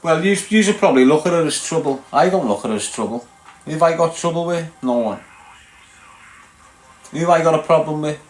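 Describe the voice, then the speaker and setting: Scouse guy lecturing his stream viewers, kinda high voice, blunt, echoey room. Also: expressive, a little fast, pauses often, soft background music. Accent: Liverpool. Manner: blunt, lecturing, keeps asking if you understand. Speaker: livestream host. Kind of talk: casual rant to live viewers.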